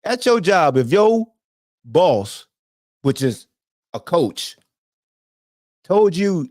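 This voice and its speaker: A man's voice: on the high side, sing-song, slow, long pauses, darkish tone, no echo, studio quality. A man hosting a sports podcast, ranting in a casual, profane, lecturing way. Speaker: podcast host. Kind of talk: casual sports commentary rant.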